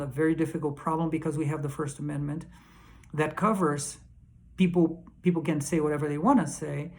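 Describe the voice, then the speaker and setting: A man's voice: a little high, a little mellow. A man earnestly recounting a conference panel in a casual spoken recap, emphatic and often restarting and repeating words.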